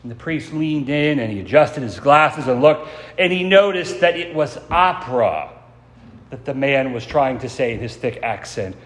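A man preaching a sermon as pastor, telling a story in a measured way and slowing down to stress key words. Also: mid-range voice, expressive. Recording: long church reverb.

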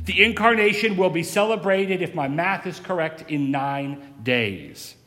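A man's voice: on the high side, bright, forceful tone. Man preaching in a reverberant church. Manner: measured preaching with pauses and rhetorical questions. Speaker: pastor. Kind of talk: sermon. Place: church sanctuary. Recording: reverberant sanctuary.

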